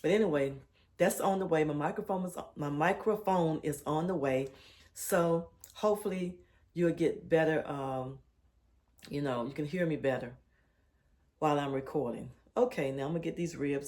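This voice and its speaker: A woman in her sixties with a soft, low way of talking, chatting casually as she cooks in her home kitchen, recorded on a phone. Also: normal speed. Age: 60s. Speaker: cooking vlogger. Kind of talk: casual chat while cooking.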